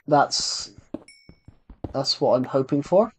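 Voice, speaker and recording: A young man from the UK with a thick, strongly rhotic regional British accent, chatting casually on a gaming live stream and talking slowly on purpose, with many restarts. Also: medium pitch, expressive, darkish tone, slight background noise. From United Kingdom. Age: young adult. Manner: deliberately slow, many restarts. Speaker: game streamer.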